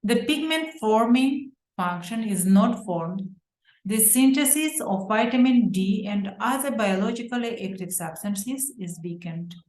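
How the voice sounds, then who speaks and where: A woman with an Uzbek accent lectures slowly and deliberately on pediatric medicine. Her voice sits at a middle pitch and she stops now and then on fillers and restarts. The room around her is roomy and echoing. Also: animated, darkish tone. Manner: careful, deliberate reading with hesitant fillers and self-corrections. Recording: roomy echo.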